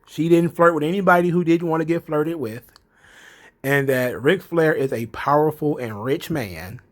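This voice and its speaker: A man with a drawl recaps the news in a loose, casual commentary voice. His tone sits slightly high for a man, and he keeps breaking into laughter and tossing in profanity. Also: normal speed. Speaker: commentary vlog host.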